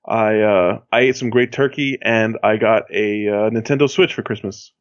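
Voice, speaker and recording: A man's voice: on the low side, moderate pace, no room sound. A man from Miami, a podcast co-host, talking in a loose, rambling way with lots of fillers and restarts. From Miami, Florida. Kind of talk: casual chat. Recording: dull lo-fi sound.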